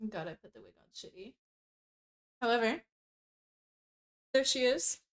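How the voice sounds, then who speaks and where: Repairing a cosplay at home, this young woman in her twenties chats on her live stream, rambling, giggling and filling her stories with laughs and filler words. Her voice is a little high with lively intonation and an unhurried pace, captured on a streaming setup.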